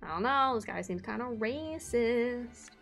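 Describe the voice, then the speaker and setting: A young woman streaming a game, bubbly and excitable, chatting with her viewers while she plays. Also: a little high, unhurried, soft background music. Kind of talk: casual live-stream game chat.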